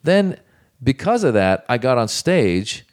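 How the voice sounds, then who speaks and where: A comedian telling a lively story in casual talk, acting out other voices. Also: male voice, mid-range voice, a little slow. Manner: animated, acts out voices in anecdotes. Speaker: comedian guest.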